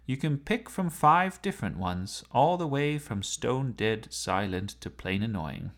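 A man voicing a talkative, polite self-driving sports car with a precise, matter-of-fact manner, with a lively, gravelly voice. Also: medium pitch, a little slow. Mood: chatty.

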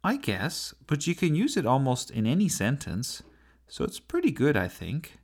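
A man voicing an earnest, curious young boy in a children's storybook reading, his voice raised high. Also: huge pitch swings, moderate pace, darkish tone, slightly rough, full character voice.

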